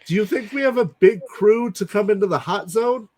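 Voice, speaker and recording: A man's voice: high-pitched, normal speed, darkish tone. A man playing a tabletop game, speaking casually and hesitantly, often restarting. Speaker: player. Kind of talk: tabletop role-play chat.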